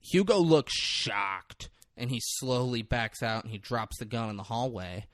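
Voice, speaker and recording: A man's voice: mid-range voice, measured pace, no echo, clean studio sound. A man co-hosting a podcast, recapping a film in a casual chat and swearing freely. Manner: retells scenes with excited acted-out quotes, swears freely. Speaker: podcast co-host.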